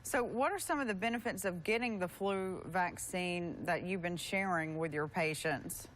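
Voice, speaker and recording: A woman's voice: fairly low pitch, normal speed, a bit bright, a little hiss or hum. A woman TV news anchor asking friendly, conversational questions in an interview.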